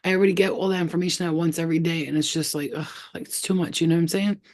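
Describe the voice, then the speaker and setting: A woman's voice: fairly low pitch, steady tone, rapid-fire, darkish tone. A young woman telling a spiritual story to her phone camera in casual, slangy speech, swearing and laughing often. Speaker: spiritual vlogger.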